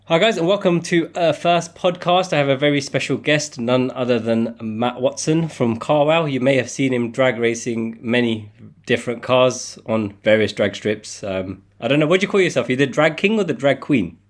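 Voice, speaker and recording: A man's voice: medium pitch, normal speed. A man from Luton hosting a podcast, introducing the show and asking questions in a friendly, easygoing way. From England, Luton. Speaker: podcast host. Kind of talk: casual interview chat.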